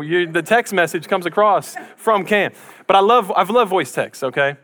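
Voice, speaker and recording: A man's voice: high voice, normal speed. A man preaching a casual, conversational sermon to his church, joking with the crowd and acting out little voices. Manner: conversational, jokey, animated impressions. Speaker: pastor.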